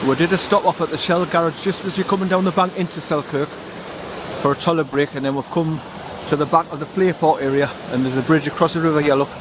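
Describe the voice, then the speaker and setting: Walking along a river in a small town, an older North East England man chats for his vlog, wandering off topic a little and fixing his own words. He speaks briskly with few pauses in a fairly high, steady voice, with background noise audible.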